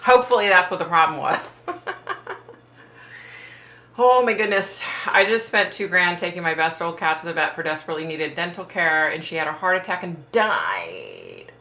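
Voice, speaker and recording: A woman's voice: on the low side, sing-song, normal speed, sharp tone. A woman hosting a casual livestream from home, reading viewer chat and answering in a chatty, sympathetic way with lots of fillers. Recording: roomy echo.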